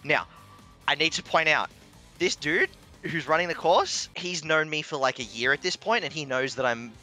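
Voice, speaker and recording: A man telling a long personal story in casual chat, animated, swearing and laughing as he goes. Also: on the high side, normal speed, faint music behind. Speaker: stream commentator.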